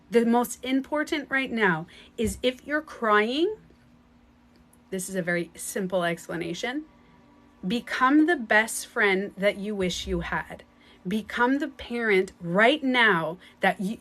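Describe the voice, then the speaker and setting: Woman giving a spiritual pep talk to her followers, blunt and emphatic, swears here and there, mid-pitched voice. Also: a bit bright. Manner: emphatic, blunt, swears casually, repeats herself. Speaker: spiritual and energy coach. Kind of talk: casual motivational talk to viewers.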